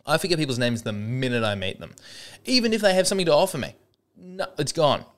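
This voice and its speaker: A man's voice: a little high, lively intonation, quick pace. A young Australian man hosting his own comedy podcast, talking in a sardonic, self-deprecating solo monologue full of mock-earnest irony.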